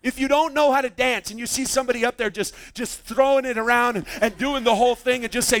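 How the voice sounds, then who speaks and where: A man preaching a sermon, telling a story with lively acted-out quotes. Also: very high voice, fast talker, few pauses, dry recording. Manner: animated storytelling, acts out quoted voices. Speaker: pastor.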